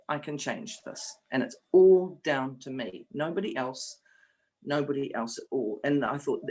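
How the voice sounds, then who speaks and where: A woman's voice: sits low, measured pace, darkish tone, poor audio. Candid, emotional woman in her fifties. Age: 50s. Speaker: interview guest. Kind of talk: personal storytelling in an interview.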